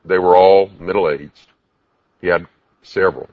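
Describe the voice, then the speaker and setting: A man's voice: low voice, fairly even intonation, a little slow, dry recording, narrow, tinny audio. A man preaching a sermon, emphatic, asking the congregation many rhetorical questions.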